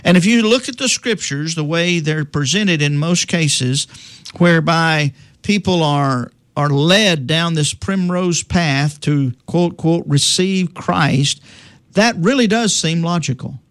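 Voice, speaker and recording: Man teaching scripture, higher voice, dry sound. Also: animated, a bit bright, dry recording. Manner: halting, many restarts, quotes scripture in old-fashioned wording. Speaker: preacher. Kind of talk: conversational religious teaching.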